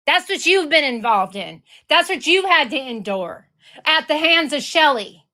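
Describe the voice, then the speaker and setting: A woman's voice: sits high, expressive, unhurried, pushed and bright. A woman hosting a reaction video, ranting furiously in heated commentary, swearing and repeating her accusations. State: enraged.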